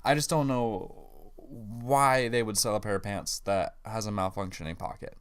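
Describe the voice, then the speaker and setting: A man's voice: on the low side, moderate pace, clean tone. A man co-hosting a comedy podcast, playful and mock-dramatic in casual chat. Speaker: podcast co-host.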